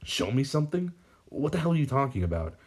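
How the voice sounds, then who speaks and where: A man's voice: fairly low pitch, normal speed, darkish tone, natural voice. A man voicing an earnest young male superhero, stern and worried. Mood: angry.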